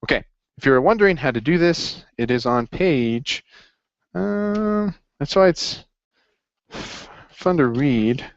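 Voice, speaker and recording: A man's voice: fairly high pitch, expressive, slow pace, pauses often, no room sound, highs cut off. A man running a casual accounting review session, upbeat and jokey as he encourages his students. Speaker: accounting tutor.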